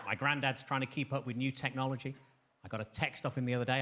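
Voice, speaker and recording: An English man performing stand-up one-liners in a deadpan manner, recorded live with loud audience laughter. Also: medium pitch. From England. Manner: deadpan, unhurried delivery of dark jokes. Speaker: stand-up comedian. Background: roaring audience laughter and noise.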